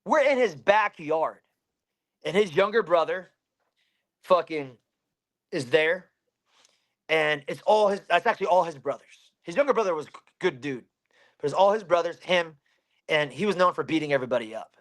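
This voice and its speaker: A man's voice: on the high side, lively intonation, normal speed, pauses often, fairly bright tone. Intense swearing man telling a story. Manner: heavy swearing, blunt and intense. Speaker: fighter being interviewed. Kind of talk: storytelling in a casual interview.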